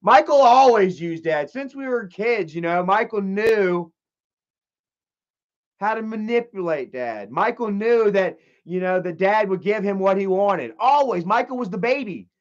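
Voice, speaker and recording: A man with a very high voice rants on his livestream, cursing freely and tripping over his own words as he tells a story. The audio is dull and lo-fi. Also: lively intonation, a little slow. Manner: profane, rambling storytelling with many restarts. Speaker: livestream host. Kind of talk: casual livestream rant.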